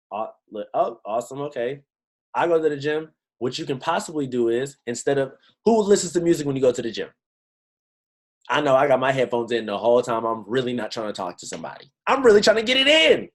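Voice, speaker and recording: Animated slangy man on a video call. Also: mid-range voice, a little fast, low-quality recording. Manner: animated, slangy, rhetorical questions. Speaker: motivational team trainer. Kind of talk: pep talk on a video call.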